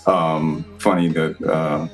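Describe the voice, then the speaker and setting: A man's voice: a bass voice, little pitch movement, slow pace. A man co-hosting a music podcast, speaking hesitantly with many fillers. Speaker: podcast co-host. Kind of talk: casual conversation.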